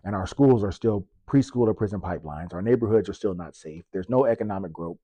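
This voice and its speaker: A man's voice: low voice, lively intonation, fast, warm tone, dry recording. A man who works as a police officer, giving impassioned political commentary with punchy rhetorical questions and sarcasm.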